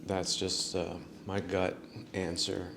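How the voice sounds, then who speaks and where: A male podcast host talking on his own in an unhurried, rambling way. His voice sits low and has a gravelly fry, and he fills gaps with lots of ums and uhs. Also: monotone, noisy background. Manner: rambling, many fillers, chuckles at own jokes. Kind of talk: solo podcast monologue.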